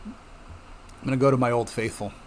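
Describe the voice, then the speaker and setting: A man's voice: medium pitch, fairly even intonation, brisk, slight background noise. A middle-aged man hosting a home mining channel, talking casually and reassuringly to viewers and checking in with them often. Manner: chatty, reassuring, frequent "okay?" check-ins. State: coughing at times. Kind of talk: casual explanatory talk to viewers.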